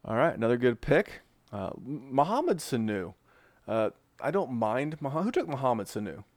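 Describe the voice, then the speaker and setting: A man hosting a casual podcast mock draft, teasing the other analysts in quick banter. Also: medium pitch, sing-song, darkish tone, no echo. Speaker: host running a mock draft.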